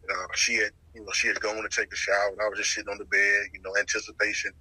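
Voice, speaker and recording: A guest shares his personal testimony in a husky, sharp-toned voice that sits on the low side and moves very fast. He's a lively storyteller who acts out the voices he quotes and repeats phrases, captured on a dry, low-quality recording.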